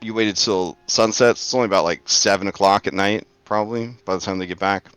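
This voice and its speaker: A man's voice: lowish voice, fairly even intonation, a little fast, fairly bright tone, clear, resonant tone, no room sound. A young man narrating as game master of an online tabletop game, thinking aloud with many fillers.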